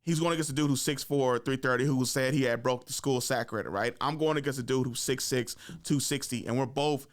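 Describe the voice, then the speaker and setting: A young man hosting a podcast, telling a story in a casual, animated way, full of slang and swearing, acting out what people said. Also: medium pitch, fairly quick, few pauses. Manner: animated, acts out quotes, swears freely, slangy. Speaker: podcast host.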